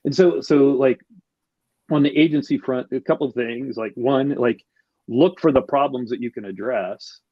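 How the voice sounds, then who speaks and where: A man's voice: mid-range voice, no room sound, highs cut off. A male podcast guest talking casually and reflectively, often restarting his sentences. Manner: reflective, halting, many restarts. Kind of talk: casual conversation.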